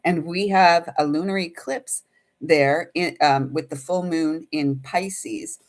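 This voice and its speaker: A woman giving a slow, rhyming spiritual message, emotional and close to tears, laughing at herself between lines. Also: low voice. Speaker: intuitive reader.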